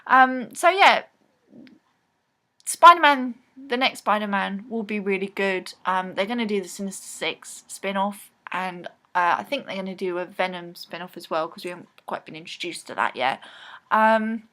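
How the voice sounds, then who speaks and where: A woman's voice: medium pitch, lively intonation, a little slow, bright, forceful tone. A woman talking casually to camera in a rambling film recap vlog, full of ums and restarts. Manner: rambling, chatty, lots of ums. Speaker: vlogger.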